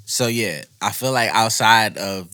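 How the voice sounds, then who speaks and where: A man's voice: fairly low pitch, a little slow, sharp tone. A man co-hosting a casual podcast chat, talking loosely and profanely, rambling through his points.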